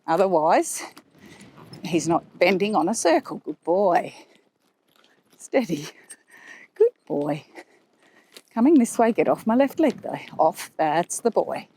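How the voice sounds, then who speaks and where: A woman horse trainer explaining her riding aids as she rides, calm and explanatory, with soft praise for the horse in between. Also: mid-range voice, normal speed, slight background noise. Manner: talking while riding a horse. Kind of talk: instructional commentary while riding. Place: riding arena.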